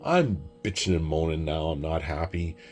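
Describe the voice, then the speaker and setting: A man's voice: a bass voice, animated, normal speed, a little mellow, soft background music. A middle-aged man from Canada chatting casually about his bottles, rambling and repeating words as he tells stories. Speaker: whisky collector vlogger. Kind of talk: casual chat.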